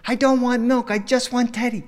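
A man voicing a stubborn two-year-old boy who pleads in a high, insistent voice. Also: fairly even intonation, a little fast. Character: whiny toddler boy, stubborn.

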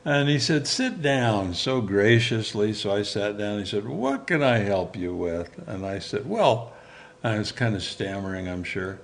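An older man telling a personal story as an interview guest, animated and chuckling, acting out the dialogue he remembers. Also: fairly low pitch, a little slow.

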